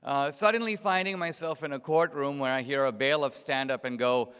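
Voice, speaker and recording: A man's voice: mid-range voice, a little fast, hardly any pauses, a bit bright, smooth. Middle-aged man speaking in a reverberant hall. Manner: storytelling, sardonic, rhetorical questions. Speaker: invited speaker. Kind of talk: political speech to an audience. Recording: long reverb of a large hall.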